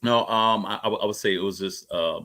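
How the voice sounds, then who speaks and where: A man's voice: fairly low pitch, a little fast, bright, forceful tone. A man giving his take on a review panel over a video call. He rambles and repeats words. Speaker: co-host and reviewer. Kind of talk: casual panel review chat.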